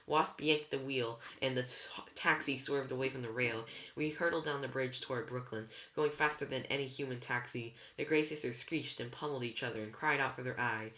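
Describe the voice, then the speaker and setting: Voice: medium pitch, steady tone, a little fast, hardly any pauses, sharp tone, roomy sound. A reader narrating a storybook chapter aloud in the first person, with a few small slips and restarts.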